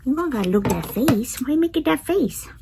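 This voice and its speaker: A woman's voice: high-pitched, animated, fast talker, gravelly, very noisy. A woman chatting casually while unboxing, giggling often and talking to her cat. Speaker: unboxing vlogger.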